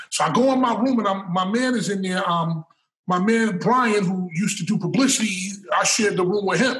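A middle-aged man telling his story as an interview guest, animated, emphatic and full of swearing. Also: high voice, normal speed. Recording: echoey room, mic at a distance.

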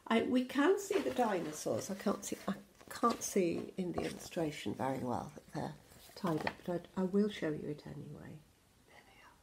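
A woman teacher reading a picture book aloud to young children, with slow hushed asides about the pictures. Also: fairly low pitch, expressive, creaky, slight background noise. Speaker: infant school teacher.

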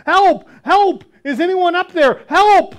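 A man voicing a desperate man dangling from a cliff, shouting frantic pleas for help. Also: high-pitched, expressive, moderate pace, husky. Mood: panicked yelling.

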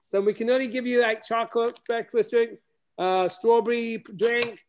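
A man's voice: very high voice, steady tone, normal speed, a little mellow. A man giving a remote classroom demonstration over a video call as a space program educator, talking in a playful way with many restarts.

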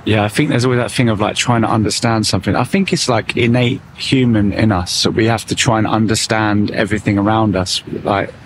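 A man's voice: on the low side, fairly even intonation, a little fast, hardly any pauses. Man vlogging over street traffic. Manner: musing, loose and reflective. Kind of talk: casual walking vlog. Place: outdoors on a town street. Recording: street traffic noise behind.

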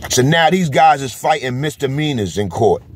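A man's voice: mid-range voice, lively intonation, normal speed, a little hiss or hum. A man with a New York accent, talking straight to camera in a casual vlog and driving each point home with a constant "you heard?". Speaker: vlogger. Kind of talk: casual street commentary.

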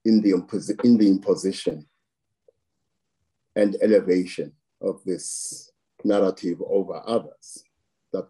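A man from South Africa giving political commentary in an interview, slow and deliberate, weighing his words with occasional restarts. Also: lowish voice, dark tone, breathy edge, low-quality recording. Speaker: political analyst.

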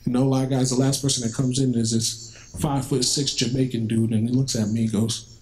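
A man's voice: medium pitch, level tone, fairly quick, darkish tone, poor audio. A man speaking as a guest at a school, telling students a personal story in a conversational, vivid way and acting out the dialogue he remembers. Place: school, indoors.

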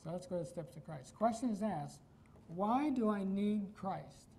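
A man's voice: high voice, expressive, measured pace, a little mellow, a little hiss or hum, rough recording. A man from Iowa preaching a sermon as pastor, emphatic and asking his congregation questions. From Iowa, United States.

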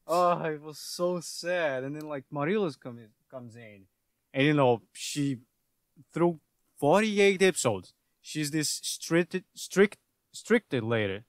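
Man, podcast co-host, slow, emotional, halting, fillers, dry sound. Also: a little high, expressive, no room sound. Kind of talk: casual chat.

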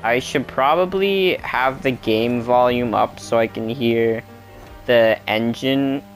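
A young man streaming a racing game, chatting to himself in a self-mocking, excitable way. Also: medium pitch, slow, soft background music. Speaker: gameplay streamer. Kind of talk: casual let's-play commentary.

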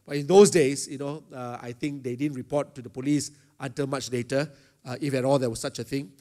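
A man's voice: medium pitch, steady tone, brisk, dark tone. A middle-aged man, a pastor teaching a chapel talk to secondary school students. He asks them questions and often hesitates with fillers.

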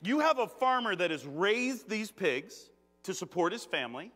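Bright, lively joking male preacher. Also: high voice, normal speed, faint music behind. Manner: joking, animated, laughs often. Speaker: guest preacher. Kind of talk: conversational sermon. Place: church sanctuary. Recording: long reverb of a church hall.

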